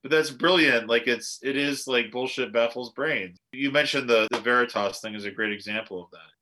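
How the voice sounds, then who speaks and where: A man from the United States co-hosting a podcast, talking in an animated, opinionated way with frequent restarts. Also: medium pitch, fairly quick, slight background noise. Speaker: podcast co-host. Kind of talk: casual conversational commentary.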